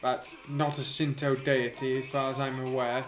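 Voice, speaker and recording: A man reading fan fiction aloud in a deadpan way, adding sarcastic asides and stumbling over the text. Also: medium pitch, moderate pace. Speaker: reader. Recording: echoey room, music behind.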